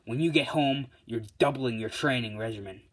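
A stern male hero father, as a man reads him, blunt and demanding. The voice stays close to the narrator's plain, medium-pitched speech. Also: moderate pace, fairly bright tone, natural voice.

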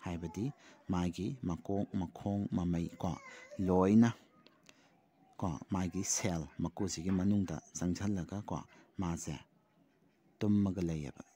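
This teacher speaks slowly, in a low, deep voice with a Manipuri accent. He reads a children's poem aloud, then explains it line by line in a mix of English and Manipuri. His delivery is patient and deliberate. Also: steady tone, mellow. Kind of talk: classroom lesson video.

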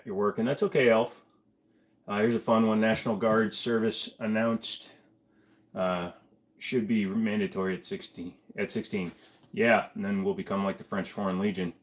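A man hosting a casual livestream, reading chat aloud and answering viewers while feeling sick to his stomach. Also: on the low side. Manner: chatty, reads chat aloud, mumbles asides. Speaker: livestream host.

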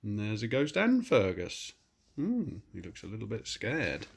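An older man, a grandfather, gently reading a picture book aloud to children and pointing out the pictures. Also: fairly low pitch, huge pitch swings, measured pace, vocal fry, a little hiss or hum. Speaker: grandfather storyteller.

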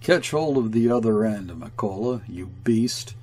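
A man voicing Carlier, a blunt, cynical male colonial trader who speaks gruffly and forcefully. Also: fairly low pitch, lively intonation, a little slow.

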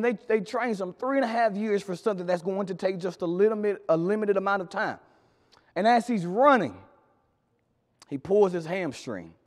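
A man preaching a sermon in a church, swinging from loud emphatic lines to quiet low drops. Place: church sanctuary. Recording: long hall reverb.

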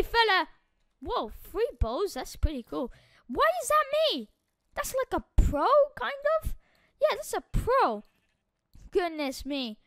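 A woman hosting a gaming channel, giving excitable Minecraft gameplay commentary full of exclamations and urging. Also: very high-pitched, no echo, clean studio sound.

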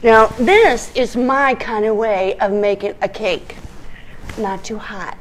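A middle-aged woman hosting a home cooking video from her kitchen, chatty and excitable with frequent ums and giggles. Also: mid-range voice, takes it slowly, a little hiss or hum. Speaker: home cooking show host. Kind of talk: casual cooking chat.

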